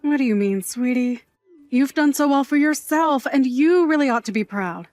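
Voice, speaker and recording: A woman's voice: high-pitched, animated, normal speed, darkish tone, dry recording, soft background music. An actress voicing a glamorous, doting middle-aged aunt who works nights at a bar, fussy and theatrical in her manner. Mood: affectionate. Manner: fussy, dramatic, gushing. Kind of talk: audio drama acting.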